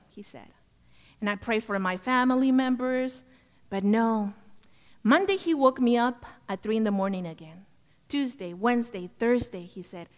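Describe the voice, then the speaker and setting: High-voiced woman telling a testimony. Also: lively intonation, moderate pace. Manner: heartfelt storytelling, acts out both sides of the conversation. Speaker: speaker giving a testimony. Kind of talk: personal testimony in a sermon. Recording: long hall reverb.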